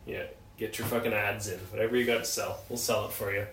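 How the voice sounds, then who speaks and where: Joking podcast co-host, roomy sound. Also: male voice, fairly low pitch, quick pace, a little hiss or hum. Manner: joking, deadpan banter. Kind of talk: casual chat. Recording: roomy with faint ambience.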